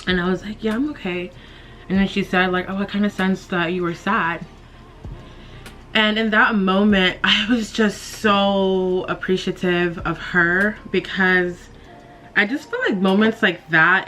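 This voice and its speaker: A woman's voice: lowish voice, steady tone, measured pace, pushed and bright. A young woman chatting casually while doing her makeup, emotional and close to tears, sighing and laughing nervously. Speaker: beauty vlogger. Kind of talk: casual get-ready-with-me chat.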